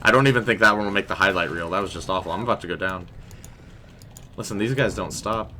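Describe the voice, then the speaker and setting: Deep-voiced man chatting through a game stream. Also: quick pace, background noise. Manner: chatty and rambling, talking to chat. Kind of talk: casual live gameplay commentary.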